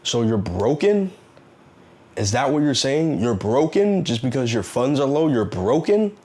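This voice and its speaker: A man's voice: mid-range voice, very animated, unhurried, a little mellow. A man giving a casual motivational talk, earnest and preachy, repeating himself and asking rhetorical questions. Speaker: self-help vlogger.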